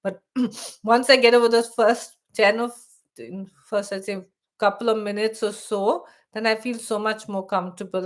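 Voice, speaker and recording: A woman's voice: mid-range voice, steady tone, moderate pace. Chatty woman live-streaming, voice wearing thin. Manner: chatty, many restarts. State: losing her voice. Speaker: YouTube channel host. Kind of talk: casual live stream chat. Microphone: live stream setup.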